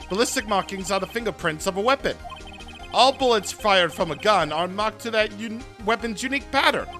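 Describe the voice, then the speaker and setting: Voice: mid-range voice, faint music behind. A streamer reading a determined young defense lawyer. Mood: arguing. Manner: steady courtroom argument, slow and deliberate. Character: earnest young male defense attorney, determined. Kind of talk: reading game dialogue aloud.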